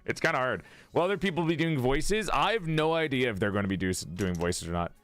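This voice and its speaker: A man's voice: mid-range voice, lively intonation, fairly quick, a bit bright, faint music behind. A male live streamer in casual chat who laughs, swears, greets his viewers and keeps repeating one line to practice an accent.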